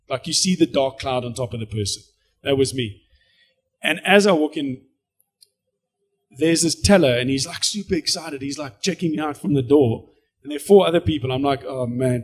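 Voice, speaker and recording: A South African man tells his story of faith to a church. He speaks in a slightly high, animated voice and acts out each scene as it comes. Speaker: actor giving a testimony. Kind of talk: church testimony.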